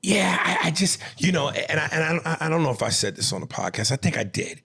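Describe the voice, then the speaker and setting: A man's voice: a little high, very animated, a little fast, vocal fry, pushed and bright, husky. A man from New York City with a New York accent, co-hosting a podcast in casual, profane, emphatic chat with frequent restarts. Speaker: podcast co-host.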